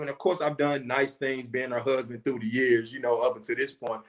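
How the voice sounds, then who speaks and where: A man's voice: medium pitch, steady tone, a little fast, hardly any pauses. A man in his forties from Atlanta, a rapper being interviewed, talking earnestly and from the heart, often saying "man" and "you know". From Atlanta, USA. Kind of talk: interview guest telling a story.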